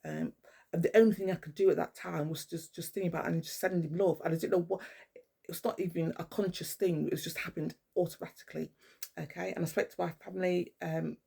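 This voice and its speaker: A woman's voice: lowish voice, gravelly, dark tone, breathy edge. A middle-aged woman, speaking at home in a rambling, casual spiritual monologue, swearing often and restarting her sentences. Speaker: spiritual vlogger. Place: at home indoors with a cat.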